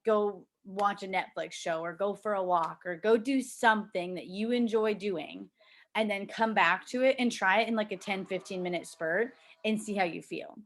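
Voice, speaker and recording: A woman's voice: mid-range voice, normal speed. Young woman, casual team coaching talk, chatty, full of "like", plays out quoted voices. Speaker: team leader coaching a sales team. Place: at home with a child nearby.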